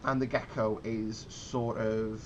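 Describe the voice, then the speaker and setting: A man's voice: lowish voice, level tone, slow pace, dull audio, noisy background. A man giving casual gameplay commentary, explaining tactics in a rambling way with many fillers and restarts.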